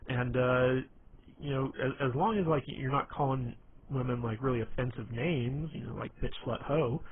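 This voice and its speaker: A man's voice: mid-range voice, normal speed, noisy background. A man giving a casual spoken presentation on humor, rambling with lots of fillers and restarts. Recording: tinny phone-like lo-fi sound.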